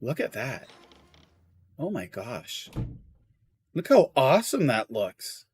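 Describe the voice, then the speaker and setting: A man's voice: medium pitch, wildly swooping pitch, slow pace, a little mellow, breathy edge, no echo. A man live-streaming a video game, chatting casually with viewers, exclaiming at the graphics and apologizing for hiccups.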